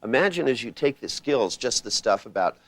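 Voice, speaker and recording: Animated older man teaching a seminar. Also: mid-range voice, a little fast, no room sound. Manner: rambling, anecdotal, acts out people's voices. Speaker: seminar trainer.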